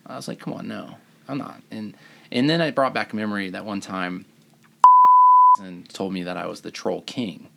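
Gravelly, bright-voiced man telling stories. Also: lowish voice, fairly even intonation, moderate pace. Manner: self-mocking, rambling storyteller. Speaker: surgeon and podcast host. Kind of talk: casual podcast chat.

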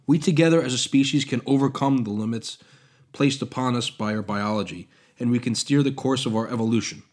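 A man's voice: medium pitch, fast, darkish tone, voice pushed up, lightly acted. A man voicing a passionate, idealistic young male inventor in a story reading, speaking in an impassioned, pleading way.

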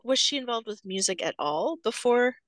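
A thoughtful woman in a relaxed podcast chat who poses questions and turns ideas over. Her intonation swings widely, and the recording is dry and close. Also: fairly high pitch, normal speed, no room sound.

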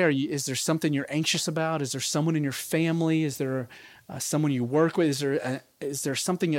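A man's voice: on the high side, no room sound. A man giving a conversational sermon as a pastor, laughing at his own asides.

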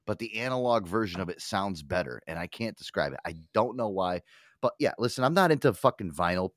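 A man's voice: on the low side, no room sound, clean studio sound. A man in his thirties, a podcast host, telling stories in casual chat with lots of swearing. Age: 30s. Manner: profane, animated storytelling.

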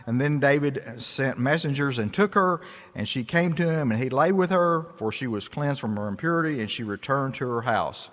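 A man's voice: medium pitch, animated, normal speed, pushed and bright. Male pastor preaching in a church, earnest with emphatic peaks, long hall reverb. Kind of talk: sermon. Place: church sanctuary.

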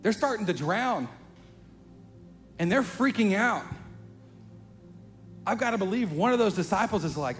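Male pastor, fairly high voice, casual buddy-style sermon delivery rising to animated emphasis; long hall reverb, faint music bed. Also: measured pace, pauses often. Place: church sanctuary.

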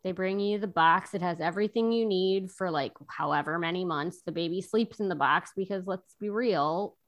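A woman co-hosting a podcast in casual chat about a TV series, animated, laughing often and jumping between thoughts. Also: lowish voice, normal speed.

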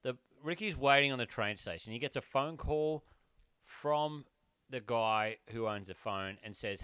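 A man with a bright, smooth voice tells a story on a podcast, slipping into the voices of its characters. The sound is dry and close. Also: medium pitch, moderate pace, few pauses, no room sound. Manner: tells anecdotes, acts out quoted voices, many yeahs. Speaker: podcast co-host. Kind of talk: casual storytelling.

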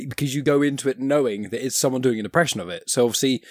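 A man chats on a podcast, hesitant and full of fillers as he works out his thoughts. His voice is mid-pitched and the recording is close and dry. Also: very fast, no room sound. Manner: chatty, hesitant, many fillers. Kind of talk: casual podcast chat.

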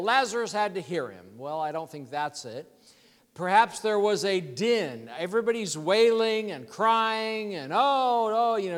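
A man preaching a sermon as a pastor, telling a story in a conversational, animated way. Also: high voice, big-room sound.

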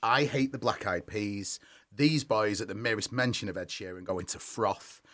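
A man's voice: on the low side, moderate pace, fairly bright tone. A man co-hosting a casual podcast, opinionated and swearing in banter. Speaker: podcast co-host. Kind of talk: casual chat.

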